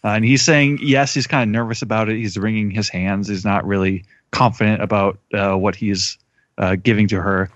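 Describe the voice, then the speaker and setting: A man with a low voice summarizes a comic scene at an easy pace, with plenty of fillers. The audio is dry and slightly dull. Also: fairly even intonation, moderate pace, no room sound. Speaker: podcast co-host or guest. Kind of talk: casual chat recapping a manga chapter.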